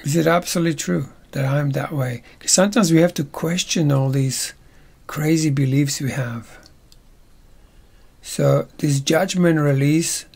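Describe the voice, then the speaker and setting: Slow, gravelly male teacher. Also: a little high, a little mellow. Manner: playful, checks in with tag questions. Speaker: workshop teacher. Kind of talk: casual guided teaching.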